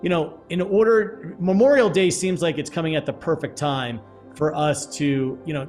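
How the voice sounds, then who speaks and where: Male interview host, somewhat high voice, relaxed chatty delivery, faint music behind. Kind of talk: casual interview.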